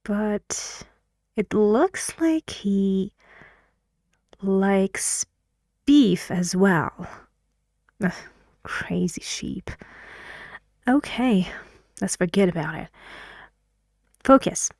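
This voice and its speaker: This is a woman giving a video lesson in a patient, questioning way. She talks very slowly with a warm, mellow tone. The sound is dry and close, with no room around it. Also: mid-range voice, lively intonation, dry recording. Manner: patient, asks learners questions. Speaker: English teacher.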